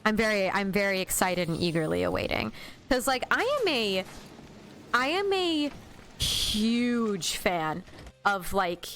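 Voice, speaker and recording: A woman's voice: medium pitch, sing-song, unhurried, fairly bright tone, a little hiss or hum. A woman chatting casually as a guest on a livestream, talkative and laughing often. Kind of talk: casual chat. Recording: clear background music. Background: music playing.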